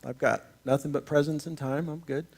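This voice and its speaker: A man doing a calm, quiet old teacher. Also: fairly quick, gravelly. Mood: laid-back. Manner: low, quiet, laid-back. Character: calm, unflappable older male teacher.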